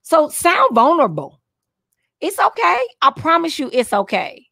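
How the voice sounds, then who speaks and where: Peppy, high-pitched woman coaching teachers. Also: big pitch swings, moderate pace, fairly bright tone, no echo, studio quality. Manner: preachy and playful, with punchy repeated phrases. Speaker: teacher coach hosting a live stream. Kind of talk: motivational live-stream talk to teachers.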